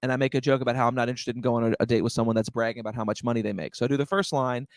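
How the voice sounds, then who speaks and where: A young adult man, a stand-up comedian, telling a story as a podcast guest in an animated, filler-heavy way, often saying "like" and "dude". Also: medium pitch, very fast, no room sound. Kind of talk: casual storytelling chat.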